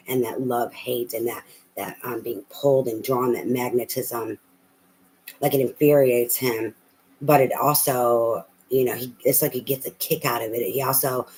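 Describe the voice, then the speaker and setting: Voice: medium pitch, a little hiss or hum, low-quality recording. A tarot reader giving a casual reading, talking bluntly and emphatically with a lot of profanity and repetition.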